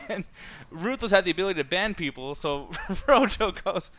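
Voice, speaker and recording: Man host for a gaming stream, lively swooping voice, a bit high, jokey storyteller. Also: normal speed, slight background noise. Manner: animated, joking storyteller. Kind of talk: casual chat while gaming.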